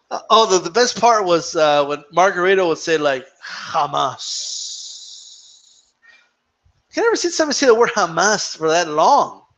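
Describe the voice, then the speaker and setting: High-voiced and very animated, a young man rattles along fairly quickly with few pauses and a somewhat bright tone. Chatting casually on a live boxing stream, he laughs a lot, swears freely, and drops into Spanish when quoting fighters, through dull lo-fi stream audio.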